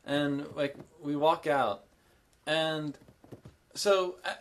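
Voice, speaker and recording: A man's voice: fairly high pitch, fairly even intonation, very slow, slight background noise. A man co-hosting a comedy podcast, telling a casual story in a meandering, self-correcting way. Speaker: podcast co-host.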